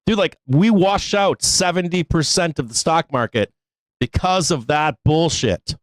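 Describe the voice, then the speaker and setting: Male live-stream market host, profane and pleading, raised pitch, dead-dry sound. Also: a little slow, no echo. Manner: exasperated, profane, pleading with viewers, laughs often. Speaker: stock trading show host. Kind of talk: live trading show rant.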